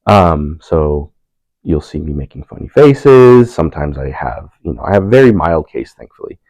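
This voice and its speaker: Young man, very low voice, dry close sound, relaxed storyteller who laughs often. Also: moderate pace, no echo, rough recording. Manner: relaxed, laughing, animated when quoting others. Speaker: panel speaker. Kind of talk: casual storytelling in a discussion.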